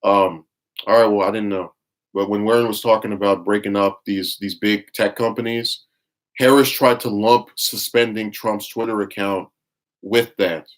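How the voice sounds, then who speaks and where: A man's voice: fairly low pitch, fairly even intonation, moderate pace. Blunt, rambling male stream commentator. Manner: blunt, scornful and rambling, with frequent restarts. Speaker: livestream commentator. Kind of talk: casual live-stream commentary, reading chat.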